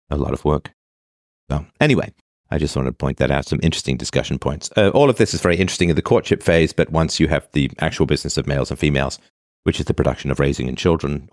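Low-voiced man in his fifties. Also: no echo, clean studio sound. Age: 50s. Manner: reads a line then comments, with frequent "uh" and restarts. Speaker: commentator reading posts aloud. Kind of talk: casual commentary on read-out posts.

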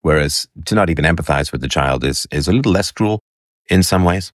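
Very deep-voiced man, dry sardonic commentary. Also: expressive, brisk, no echo. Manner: hesitant, many fillers, scornful asides. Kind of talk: commentary reading and reacting to an article and a clip.

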